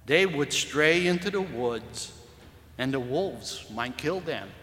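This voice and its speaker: A man's voice: fairly high pitch, expressive, takes it slowly, fairly bright tone, reverberant, long reverb tail, slight background noise. A man voicing an honest young shepherd boy in a storybook reading, earnest and polite. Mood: firm.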